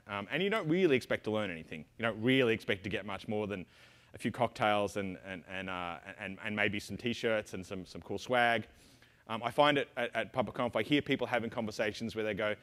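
Australian man, middle-aged, rapid-fire rambling keynote speaker. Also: lowish voice, fairly bright tone. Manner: rapid, rambling, lots of ums and self-interruptions. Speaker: conference speaker. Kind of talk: conference keynote talk. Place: conference hall stage.

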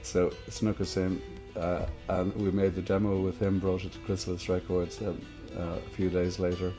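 An Irish man being interviewed for a documentary, telling stories in a relaxed, easy way. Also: sits low, normal speed, faint music behind. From Ireland. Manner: relaxed storyteller, easy laughs. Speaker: interviewee, musician. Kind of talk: documentary interview, anecdotal storytelling.

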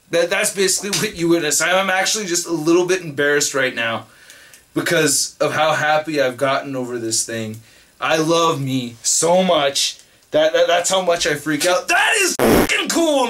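Excitable man, high and bright, casual vlog delivery, swears and shouts. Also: slight background noise. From Northern California. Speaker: vlogger.

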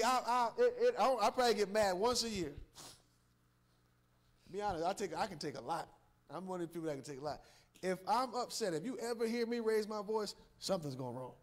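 Man, revival preacher, high-pitched for a man, emphatic, repeats himself, chuckles between points. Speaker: guest preacher, church elder. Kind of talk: revival sermon with call-and-response.

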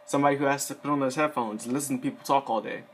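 A man's voice: medium pitch, steady tone, very fast, slight background noise. A young man with a mid-range voice talks loosely while seated, full of "like" and "uh" as he rambles through practical advice. His delivery is conversational and unscripted, like a friend walking you through what happened to him. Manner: rambling, filler-heavy, conversational. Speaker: Air Force enlistee giving advice. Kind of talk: casual advice vlog. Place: seated indoors.

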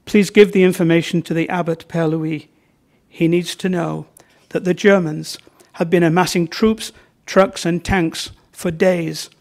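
A man reading aloud from a novel, voicing a mature male priest who speaks quietly and gently in a deep voice. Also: close to an everyday voice. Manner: quiet, calm, inviting confidence.

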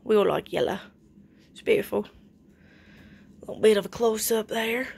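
A woman showing off clothes for sale in a casual, playful way at home, sometimes slipping into silly accents or a soft whisper. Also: medium pitch, moderate pace, vocal fry, slightly rough. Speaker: online clothing reseller. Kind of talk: casual product showcase.

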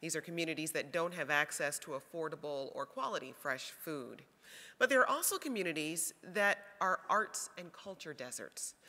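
A woman's voice: on the low side, pushed and bright. A woman hosting a conference, announcing and reading a speaker introduction. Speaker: event host. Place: conference hall. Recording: long hall reverb.

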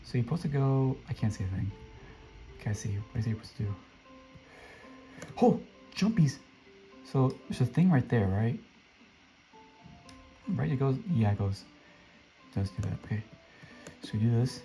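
A man commenting casually on his gameplay, excitable and flustered, often talking to the other players. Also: mid-range voice, normal speed, pauses often, rough recording. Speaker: gameplay streamer. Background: faint game music.

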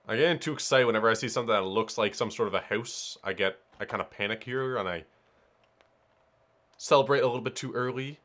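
A man casually commenting on his own gameplay, excitable and swearing, talking to himself as he plays. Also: mid-range voice, quick pace. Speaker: let's player.

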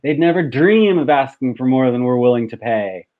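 A man's voice: medium pitch, expressive, normal speed, lightly acted. A man voicing a greedy, gloating male industrialist in a hammy comic reading. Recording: tinny phone-like video call.

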